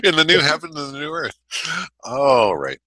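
A man hosting a podcast, joking and laughing with his co-host, then reading scripture aloud in a calm voice. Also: mid-range voice, normal speed, no echo, rough recording. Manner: jokey, laughs often, then reads calmly. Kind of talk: casual chat and scripture reading.

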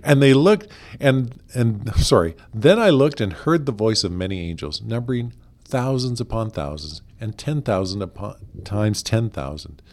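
A man's voice: fairly low pitch, lively intonation, normal speed, darkish tone. A cheerful, agreeable man co-hosting a Bible study, reading scripture passages aloud. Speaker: co-host and scripture reader.

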